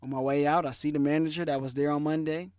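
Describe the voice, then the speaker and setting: A man, hosting a podcast and telling a lively, slangy story in a casual way. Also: on the high side, fast, clean tone, dry recording, clean studio sound. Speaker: podcast host.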